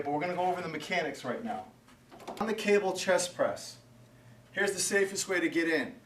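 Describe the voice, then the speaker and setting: A man's voice: high-pitched, distant mic, slight background noise. A male fitness trainer giving workout instruction, counting reps and explaining exercises. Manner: loud counted cues, then calmer explaining. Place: gym. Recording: roomy echo, from off-mic.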